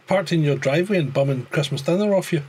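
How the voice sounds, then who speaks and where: A man's voice: a little high, fast, a little mellow, slight background noise. A Scottish man in casual podcast chat, blunt and sweary, with a joking edge. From Scotland. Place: living in France.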